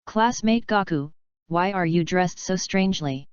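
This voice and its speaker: A woman's voice: lowish voice, unhurried, clean tone, no room sound, lo-fi sound, natural voice. A woman reading the lines of a clever, teasing teenage girl in a fanfiction audiobook.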